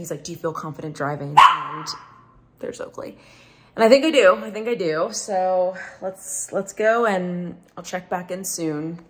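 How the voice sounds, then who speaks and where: A young woman talking casually to the camera for her vlog, chatty and excitable, full of fillers. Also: fairly low pitch. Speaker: vlogger.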